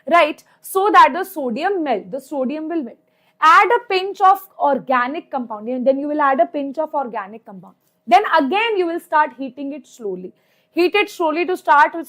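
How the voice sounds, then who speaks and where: A young woman with an Indian English accent teaching chemistry in an online exam-prep lecture, chatty, repeating her points and asking "right?" again and again. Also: high-pitched. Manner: chatty, repeats points, asks "right?" often, mixes in Hindi.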